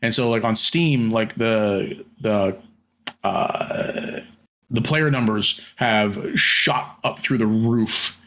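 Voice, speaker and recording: A man's voice: lowish voice, takes it slowly, pushed and bright, slight background noise. A man co-hosting a podcast in casual chat, rambling with many fillers and restarts and some casual swearing. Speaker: podcast co-host.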